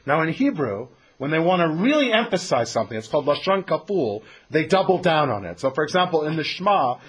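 Man, teacher, text study class, slightly high voice, husky tone, emphatic questioning delivery. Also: sing-song, brisk.

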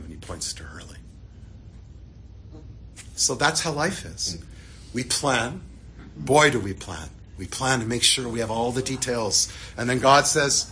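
Man, rabbi, sermon storytelling, bright tense voice, faint ambience, animated then hushed. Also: mid-range voice, normal speed, a little hiss or hum.

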